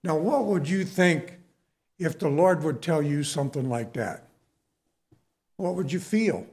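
A middle-aged man preaching in an unhurried, easy rhythm, pausing between phrases. His voice sits a little high for a man. He tells personal stories and keeps asking his listeners questions. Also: animated, a little mellow. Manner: storytelling, conversational preaching with rhetorical questions. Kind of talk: sermon.

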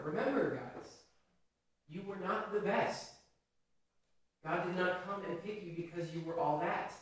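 A male pastor preaching a sermon in a conversational way, asking the congregation questions. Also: fairly high pitch. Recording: very echoey hall, voice from a distance.

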